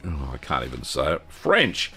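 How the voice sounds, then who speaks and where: An Australian man hosting a live stream about home cheese-making, chatting in a relaxed way with plenty of ums and quick self-corrections. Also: extremely low pitch, breathy edge, faint music behind. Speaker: host.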